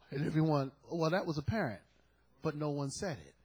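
A man preaching a sermon, moving between quiet, low asides and loud, shouted peaks. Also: expressive, brisk, husky, low-quality recording.

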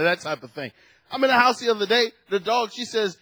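A man's voice: sits high, animated, brisk, bright, forceful tone, slightly rough, dry recording. A man preaching a sermon at a lectern to a congregation, telling stories with animation and acting out the voices in his quotes.

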